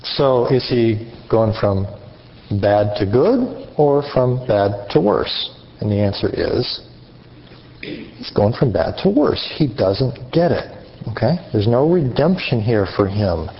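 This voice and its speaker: A man preaching an interactive sermon, animated and questioning his audience. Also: fairly low pitch, slow, vocal fry, slight background noise. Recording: muffled lo-fi recording.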